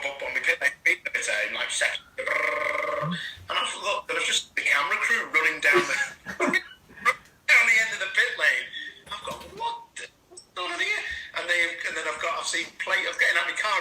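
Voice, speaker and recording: Man, 40s, former race driver, bright forceful voice, lively storyteller, echoey room. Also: a little high, quick pace, a little hiss or hum. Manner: animated storytelling with laughs. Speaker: racing driver turned commentator. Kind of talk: casual chat.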